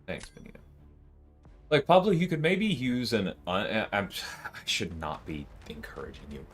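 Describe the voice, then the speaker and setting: Man, low voice, lively ups and downs, game livestream chat, faint music behind. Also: moderate pace, husky. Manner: chatty, laughs often, explains game mechanics. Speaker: livestream gamer. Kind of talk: casual livestream chat with viewers.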